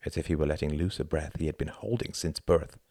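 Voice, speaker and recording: A man reading a novel aloud as narrator in a measured, even storytelling manner. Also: extremely low pitch, slightly rough, no echo, clean studio sound. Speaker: audiobook narrator. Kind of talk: scripted narration.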